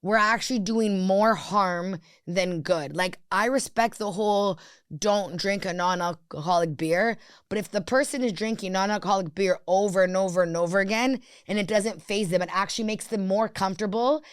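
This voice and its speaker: A woman speaking as a podcast guest in candid, casual conversation, blunt and animated, swearing freely and leaning on "like" fillers. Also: mid-range voice, a little fast, few pauses, clear, resonant tone, no room sound, clean studio sound.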